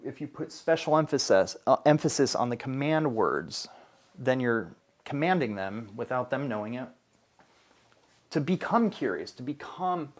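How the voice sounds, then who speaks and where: A man leading a casual training session for a group, talking in bursts with frequent restarts. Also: mid-range voice.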